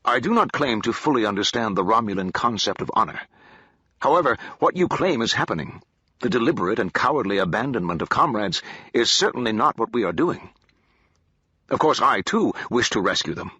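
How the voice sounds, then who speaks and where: A man's voice: on the low side, sing-song, brisk, pushed and bright, husky, no echo, exaggerated voice. A man reading an audiobook, voicing a formal, exact male android officer who never uses contractions, on a dull, dry lo-fi recording. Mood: calm, explaining.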